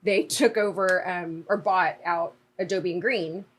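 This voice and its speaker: A woman's voice: fairly low pitch, fairly even intonation, a little slow, slightly rough. A woman hosting a podcast, telling rambling stories in casual chat. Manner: chatty storyteller, drawling, rambling with filler words. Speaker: podcast host.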